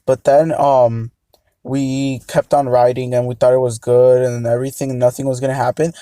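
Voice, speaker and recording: Young guy, casual storytime, rambling with lots of ums, mellow tone, dry close sound. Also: mid-range voice, level tone, normal speed, smooth, no echo. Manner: rambling, hesitant, many fillers. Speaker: vlogger.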